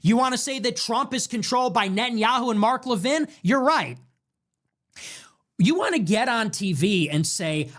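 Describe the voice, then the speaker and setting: A man in full rant mode as a political commentator, hammering his point with rhetorical questions and sarcastic jabs. His pitch swings widely, rising and dropping as he mocks and scolds, and he swears freely as he builds momentum. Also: animated, normal speed, a bit bright. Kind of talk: heated monologue rant.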